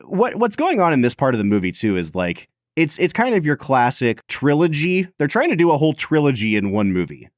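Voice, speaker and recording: A man's voice: fairly high pitch, big pitch swings, fairly quick, few pauses, no echo, clean studio sound. A man co-hosting a podcast, chatting casually and animatedly about a film, with lots of filler "like". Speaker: podcast co-host. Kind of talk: casual movie discussion.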